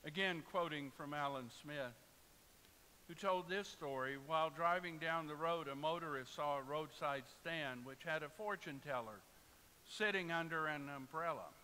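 A pastor speaks at a normal speed in a fairly high, sharp-toned voice, preaching a sermon full of humorous stories and jokes aimed at his congregation. It was recorded in a church sanctuary that echoes, with faint hiss.

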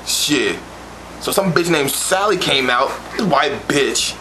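Swaggering guy doing a crude comedy monologue, bit high voice, noisy recording. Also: lively intonation, slow, bright, forceful tone. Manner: boastful, swaggering street talk. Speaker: comedic storyteller.

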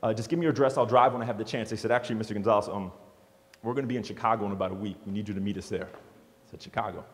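A man giving a storytelling speech to an audience as a motivational speaker, animated and joking. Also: on the low side, rapid-fire. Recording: long hall reverb.

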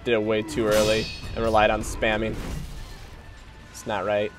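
A man streaming a video game, casually commenting and coaching himself through fights in excitable bursts and mutters. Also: on the low side, moderate pace, music in the background.

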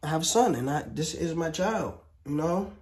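A woman's voice: low-pitched, expressive, moderate pace, over loud music. A woman talking in a casual home vlog, slangy, joking and rambling. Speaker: vlogger.

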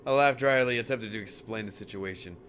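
A man's voice: lowish voice, a little fast, a bit bright, a little hiss or hum. A young man from Texas streaming a game, joking and reacting aloud. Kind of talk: casual gameplay commentary. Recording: game music behind.

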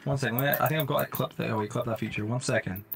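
A young man live-streaming a game, chatting with viewers in slang and breaking into loud exclamations. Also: medium pitch, fairly even intonation, racing, gravelly. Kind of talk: live-stream gaming commentary. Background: faint music.

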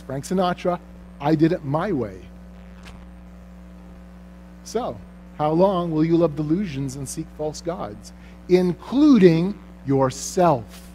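A man with a fairly high voice addresses a Christian conference audience. He talks earnestly and presses listeners with repeated rhetorical questions, then leads them in a closing prayer. A faint hum sits under his voice. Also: warm tone. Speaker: conference speaker.

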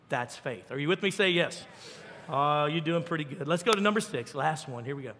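A male pastor preaching a sermon with animated, folksy storytelling and fervent emphasis. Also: a little high, brisk, long reverb tail.

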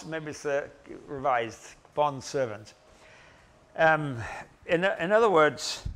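Man teaching scripture, chatty and halting. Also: on the high side. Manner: conversational, with gentle self-deprecating humor; halting, with restarts and pauses. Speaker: Bible teacher. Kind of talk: Bible lecture.

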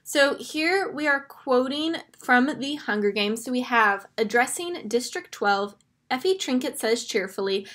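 A woman's voice: sits high, lively intonation, unhurried, fairly bright tone. A woman teaching a grammar lesson, patiently walking through each step over a screen recording.

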